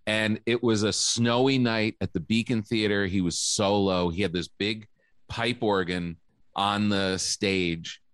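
A man's voice: lowish voice, steady tone, measured pace, a bit bright, clean tone, dry recording, studio quality. A man, a comedian guest, telling loose stories in casual podcast chat, laughing often and saying "like" a lot.

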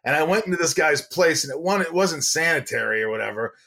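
A man's voice: fairly high pitch, fast talker, gravelly. A middle-aged man, a podcast guest, telling casual stories and acting out the people in them. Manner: animated, acts out quoted people. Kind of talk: casual storytelling.

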